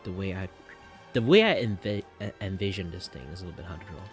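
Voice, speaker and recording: A man's voice: lively intonation, fast, soft background music. A young man from Malaysia, chatting casually while drawing on a stream and rambling with lots of filler words. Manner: rambling, many filler words, flips between a low voice and a higher one.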